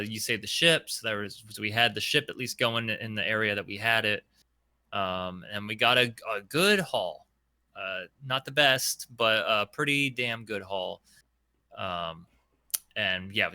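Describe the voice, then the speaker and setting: A man's voice: lowish voice, unhurried, sharp tone, clear, resonant tone, dry recording, studio quality. A man co-hosting a casual gaming podcast, easygoing and laughing along, with lots of hesitant fillers. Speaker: podcast co-host.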